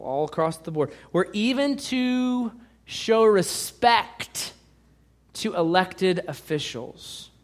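With a male voice on the high side, this preacher reads passages of scripture out loud and fires questions at his congregation in a forceful sermon.

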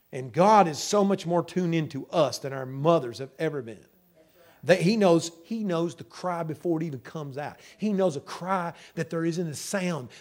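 Man, preaching, high voice, folksy, repetitive. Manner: folksy, repetitive, with frequent hallelujahs and amens. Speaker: pastor. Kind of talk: sermon.

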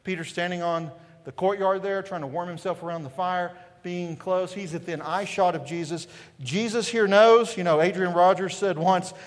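East tennessee appalachian guy preaching a sermon, kinda high voice, lots of "right?" questions, churchy echo. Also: fairly even intonation, moderate pace. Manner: conversational preaching with frequent rhetorical questions and "right?". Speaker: pastor. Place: church sanctuary.

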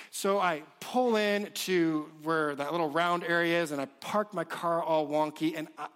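A man in his late thirties preaching a sermon, telling a personal story in an animated, self-deprecating way. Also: on the high side, normal speed, hardly any pauses, clean tone. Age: late 30s. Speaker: pastor. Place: church auditorium with congregation.

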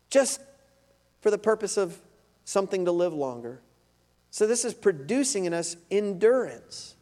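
A man's voice: high voice, big pitch swings, measured pace, mellow. A man preaching a sermon as pastor, emphatic and conversational, often repeating his points. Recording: long reverb of a large hall.

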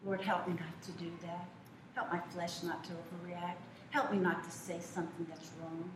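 A woman's voice: lowish voice, little pitch movement, normal speed. Older woman preacher, conversational sermon style; distant mic with audible room noise. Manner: conversational storytelling, folksy asides. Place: church sanctuary. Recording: echoey church from far off.

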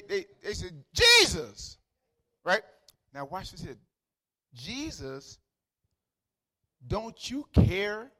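High, bright-voiced preacher with dialect. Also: male voice. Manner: conversational, repeats words, calls out to listeners by name; swings from quiet asides to loud emphatic lines. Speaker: pastor. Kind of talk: sermon.

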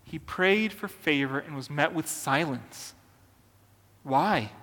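A man preaching a sermon as a pastor, earnest and deliberate, with emphatic pauses. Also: fairly high pitch, lively intonation, a bit bright, big-room sound.

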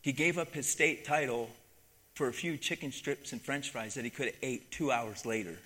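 A man preaching a sermon, telling a story from his coaching days with animated emphasis and acted-out quotes. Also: mid-range voice, moderate pace. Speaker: pastor and former wrestling coach. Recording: long hall reverb.

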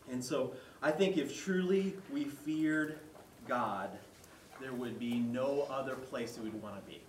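A male pastor giving a conversational sermon, retelling a story with lively quoted voices. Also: medium pitch, slight background noise. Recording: echoey hall, mic far off.

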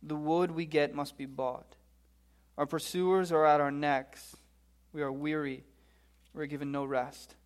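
A man preaching a sermon, reading scripture and telling a story with lively humor. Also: on the high side, measured pace. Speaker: pastor.

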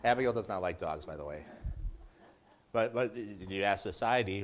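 A man's voice: low voice, a little fast, long pauses. A middle-aged man giving a casual Bible teaching in a conversational way, with joking asides and frequent restarts.

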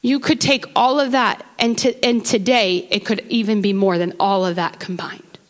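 A woman's voice: medium pitch, steady tone, moderate pace, hardly any pauses. A woman preaching a sermon in church, moving from conversational asides with the congregation to impassioned calls. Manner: rises to impassioned crying out. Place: church sanctuary.

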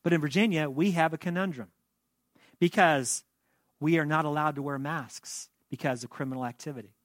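A pastor preaching in a dry, close room. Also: male voice, fairly high pitch, no echo. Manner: measured preaching with slow, hushed prayerful passages. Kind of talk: sermon.

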